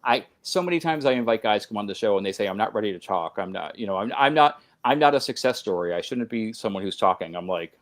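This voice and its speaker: Earnest and emphatic, a low-ish voiced podcast guest and host of his own show talks fast with lively intonation and hardly any pauses. His conversational delivery runs on in long sentences, with restarts.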